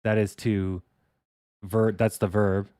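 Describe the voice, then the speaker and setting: Slow, low-voiced man streaming live. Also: little pitch movement, dark tone, no room sound, clean studio sound. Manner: rambling, chuckling, swearing casually. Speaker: stock trading livestream host. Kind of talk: casual livestream chat.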